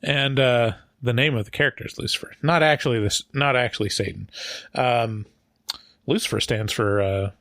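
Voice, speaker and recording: A man co-hosting a casual podcast film review, rambling and halting with fillers as he recounts scenes. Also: medium pitch, a bit bright, dry recording, clean studio sound. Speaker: podcast co-host.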